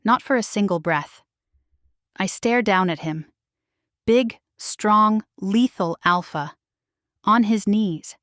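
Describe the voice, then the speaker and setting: A woman narrating a romance story in the first person, with slow, measured storytelling on a close mic. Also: mid-range voice, a bit bright, no room sound. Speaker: audiobook narrator.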